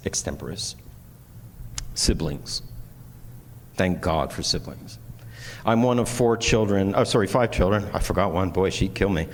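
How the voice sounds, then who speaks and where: A man giving an earnest, candid conference speech with self-deprecating humor. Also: low-pitched. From Canada. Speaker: conference speaker. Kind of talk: personal keynote speech. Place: large conference hall. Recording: long hall reverb, faint noise.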